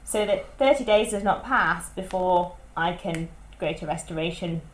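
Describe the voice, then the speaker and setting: A woman's voice: lowish voice, moderate pace, reverberant, poor audio. A British woman playing a tabletop game, cautiously laying out plans step by step. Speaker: player. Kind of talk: tabletop role-play chat.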